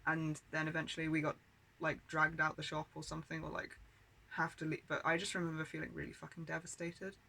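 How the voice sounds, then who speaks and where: A woman's voice: low-pitched, flat delivery, a little fast, creaky, bright, forceful tone, slight background noise, poor audio. A British woman telling childhood memories in a candid, aggrieved way, full of swearing and filler words. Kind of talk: personal storytelling monologue.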